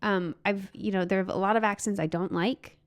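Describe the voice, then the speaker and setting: A woman co-hosting a comedy podcast, chatting casually with blunt, crude, deadpan remarks. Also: medium pitch, fairly quick. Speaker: podcast co-host, comic.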